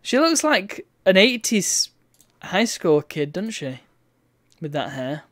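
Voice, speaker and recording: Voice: mid-range voice, sing-song, takes it slowly, a bit bright, slight background noise. A game streamer giving chatty, wry let's-play commentary and reading on-screen text aloud.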